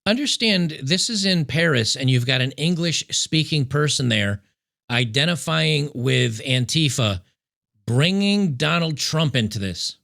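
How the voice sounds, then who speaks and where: Gravelly, bright-voiced male commentator. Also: a little high, animated. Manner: sarcastic, emphatic, repeats key points slowly. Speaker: political commentary host. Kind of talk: opinionated commentary over news clips.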